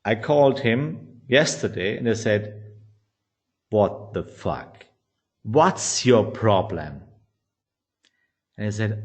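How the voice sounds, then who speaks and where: A man's voice: on the low side, slow, long pauses. A man teaching trading, telling a blunt story with swearing and acted-out quotes in English. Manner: blunt, swears, animated, quotes others in shifting voices. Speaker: trading educator. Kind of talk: storytelling lecture.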